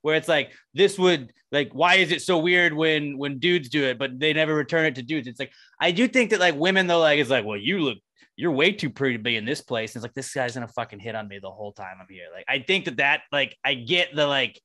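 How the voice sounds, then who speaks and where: Man, podcast co-host, slightly high voice, bright forceful tone, loose rambling chat, mimics other people's voices. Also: fairly quick. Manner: loose, rambling talk, often acting out quoted voices. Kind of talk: casual chat.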